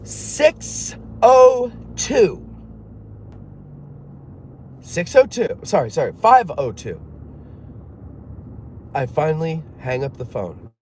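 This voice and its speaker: With a rather high voice that swoops wildly in pitch and a slightly mellow tone, a man rambles through a long, exasperated personal story in casual monologue. He acts out other people's lines in quick quotes, sighs, and fills his speech with fillers and restarts, over slight background noise.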